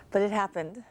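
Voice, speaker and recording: A young woman acting in a dramatic stage monologue as a woman in an abusive relationship, speaking in a slow, halting, reflective way. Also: mid-range voice, a bit bright, dry recording. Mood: rueful. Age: young adult.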